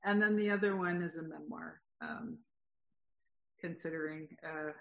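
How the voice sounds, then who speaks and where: A woman's voice: low voice, moderate pace, vocal fry, fairly bright tone, muffled recording. A woman being interviewed, talking casually and hesitantly with many fillers. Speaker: guest.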